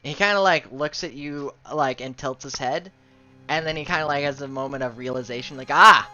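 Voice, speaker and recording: A man's voice: mid-range voice, brisk, bright, forceful tone. Chatty man running a tabletop game. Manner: laughing, chatty, full of likes and ums. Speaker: game master. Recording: muffled lo-fi audio.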